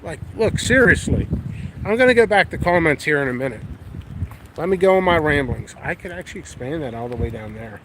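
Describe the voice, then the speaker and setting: A man's voice: a little high, animated, a little fast. Rambling man touring his backyard. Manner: rambling, easygoing, thinks aloud. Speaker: pepper grower and channel host. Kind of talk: casual walking vlog. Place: outdoors in his backyard, windy. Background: light wind and outdoor noise.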